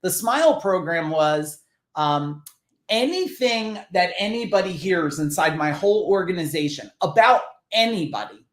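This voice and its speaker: Guy from jersey telling heartfelt business stories, cusses here and there, voice a bit high, roomy echo. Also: expressive, moderate pace. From New Jersey. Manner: earnest, swears casually. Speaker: business founder guest. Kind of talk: emotional storytelling.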